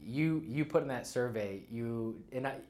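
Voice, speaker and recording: A man's voice: medium pitch, normal speed, darkish tone. A man from Michigan hosts a podcast and interviews his guest. He is enthusiastic and laughs easily, and his questions wander a bit before they land. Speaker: podcast host.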